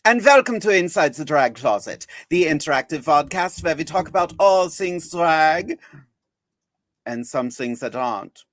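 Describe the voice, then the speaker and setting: A man's voice: a little high, animated, measured pace, a bit bright, no room sound. A man doing Frau Blucher, stern German housekeeper. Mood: theatrical. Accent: German, put on.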